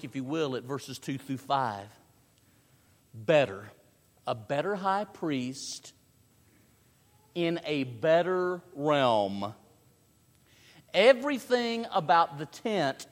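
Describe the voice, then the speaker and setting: A man preaching an expository sermon, emphatic, asking rhetorical questions and swinging between loud and quiet. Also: on the high side. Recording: long reverb of a large hall.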